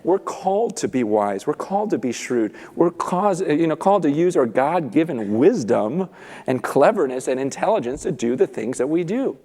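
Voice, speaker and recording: A man preaching a sermon, retelling a parable with lively storytelling and acted-out voices. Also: fairly high pitch, moderate pace, long reverb tail. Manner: animated storytelling, acts out characters. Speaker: pastor.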